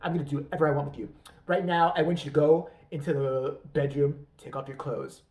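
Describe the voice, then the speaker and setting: A man's voice: a little high, fairly even intonation, a little fast, darkish tone, echoey room, distant mic, pitched below the performer's own voice, natural voice. A man voicing a pompous domineering man who gives crude commands. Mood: bossy.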